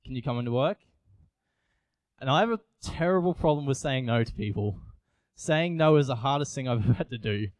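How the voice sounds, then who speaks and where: A man's voice: mid-range voice, lively intonation, brisk, few pauses, darkish tone, dry recording. A young man, giving an earnest, confessional sermon with frequent restarts. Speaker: youth preacher. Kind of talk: personal sermon.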